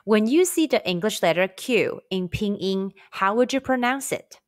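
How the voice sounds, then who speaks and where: A woman teaching a scripted pronunciation lesson, drilling sounds slowly and carefully for learners to repeat. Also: mid-range voice, animated. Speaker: Chinese language teacher.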